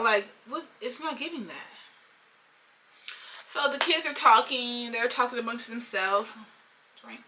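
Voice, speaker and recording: A young woman telling a storytime vlog in an animated, slangy way, talking straight to her viewers. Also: on the high side. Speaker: storytime vlogger.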